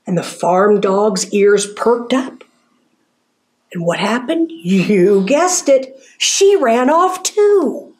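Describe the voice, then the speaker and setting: A woman from a zoo staff reading a children's storybook aloud in a gentle, sing-song way, with hushed asides. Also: medium pitch, expressive, takes it slowly.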